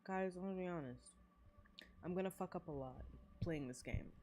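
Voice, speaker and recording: A woman's voice: on the low side, moderate pace, dark tone, a little hiss or hum. A woman giving casual, profane gameplay commentary in a playful tone. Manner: playful, profane, laughing asides. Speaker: gamer streamer.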